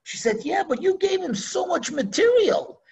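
A man's voice: very high-pitched, big pitch swings, normal speed, a little mellow, far from the mic, voice pushed up, exaggerated voice. A man voicing a shrewd queen who tells her husband that the tailor is a robber. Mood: insistent.

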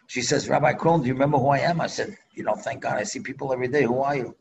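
A man's voice: medium pitch, very fast, creaky, slight background noise, rough recording. An older man, a rabbi, preaching earnestly and telling a story, with Hebrew phrases woven in. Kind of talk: sermon with storytelling.

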